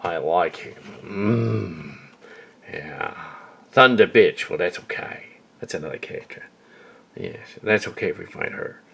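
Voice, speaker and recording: A young man improvising deadpan voice acting for a fan-film parody, with muttered asides. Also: low voice, measured pace, gravelly, breathy edge.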